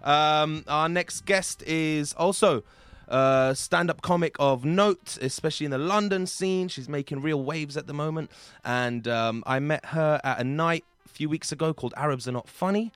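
A man's voice: a little high, normal speed, hardly any pauses, fairly bright tone, clean tone, no echo. A man hosting a comedy podcast in a studio, playful and teasing as he introduces guests. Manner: playful, teasing, fond of doing voices. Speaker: podcast host.

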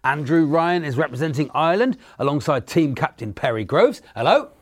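A man's voice: on the high side, lively intonation, a little fast. A man hosting a comedic football podcast, teasing his guests. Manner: teasing, jokey. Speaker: podcast host. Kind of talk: comedic football panel chat.

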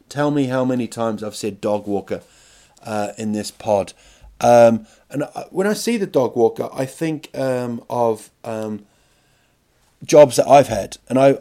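A man telling a rambling, self-mocking comic story on his podcast. His pitch sits at an ordinary middle level, and he stumbles through plenty of ums and restarts. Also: mellow. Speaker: podcast host and comedian.

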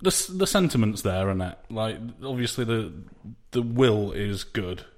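A man's voice: fairly low pitch, sing-song, moderate pace. A man with a Sheffield accent co-hosting a casual fan podcast, making dry, wry remarks. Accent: Sheffield English. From England. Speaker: podcast co-host. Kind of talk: casual banter.

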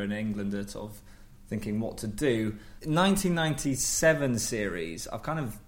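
Man hosting a sports podcast. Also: medium pitch. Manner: steady, presenting links and cues. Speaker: podcast host. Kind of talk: casual chat.

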